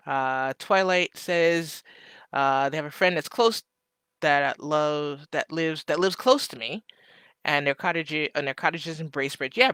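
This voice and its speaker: A man's voice: fairly high pitch, bright, forceful tone, no echo, clean studio sound. A man hosting a casual live stream, reading viewers' messages aloud and answering with joking asides.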